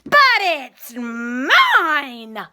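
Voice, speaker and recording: Selfish lazy mother bird, storybook, loud and demanding, put on by a woman reader. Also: high-pitched, very animated, slow, background noise, full character voice. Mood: indignant.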